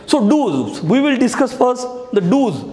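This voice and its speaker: A man's voice: very high voice, very animated, unhurried, mellow. A male teacher giving a lesson on speech writing, explaining each step and repeating key phrases. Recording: echoey hall.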